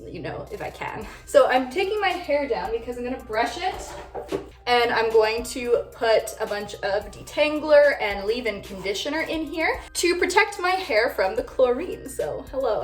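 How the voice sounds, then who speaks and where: A woman's voice: fairly high pitch, echoey room. A young woman vlogging casually while doing her makeup, bubbly and chatty with lots of "like" fillers. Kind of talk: casual get-ready-with-me chat.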